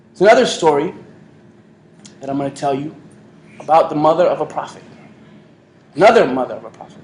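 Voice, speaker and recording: A man giving a storytelling religious lecture to an audience, animated and acting out the voices he quotes. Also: a little high. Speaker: preacher. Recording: echoey hall with faint ambient noise.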